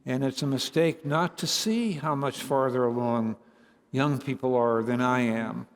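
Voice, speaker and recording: Slow, halting older man in a hall. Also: medium pitch, clean tone. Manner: halting and measured. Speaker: author on a discussion panel. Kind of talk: panel discussion. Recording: echoey church hall.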